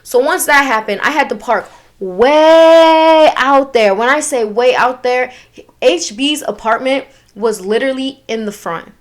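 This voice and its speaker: Woman, young adult, somewhat high voice, casual storytime vlog, animated, slangy, talks to viewers. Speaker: vlogger telling a storytime.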